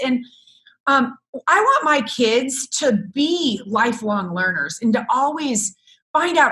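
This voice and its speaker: A middle-aged woman, a business coach, chatting in an interview and telling lively stories with frequent laughter. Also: a little high, moderate pace. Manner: animated storyteller, laughs often. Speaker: guest, business coach for photographers. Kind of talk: casual interview chat.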